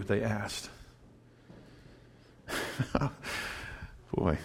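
A man's voice: on the low side, fairly even intonation, extremely slow, creaky, long reverb tail. A man preaching a sermon, emphatic and full of rhetorical questions for his congregation. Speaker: pastor.

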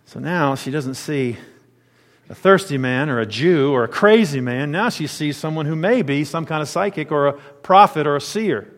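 A man preaching a sermon in a conversational, animated way, sometimes stopping to search for words. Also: fairly high pitch, moderate pace. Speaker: pastor. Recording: long reverb of a large hall.

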